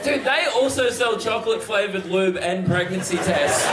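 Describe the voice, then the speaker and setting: Australian stand-up, young, high voice, chatty crowd work, roomy stage mic. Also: male voice. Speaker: stand-up comedian. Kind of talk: stand-up comedy. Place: large theater stage. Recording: roomy live theater sound, loud crowd noise. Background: audience laughter.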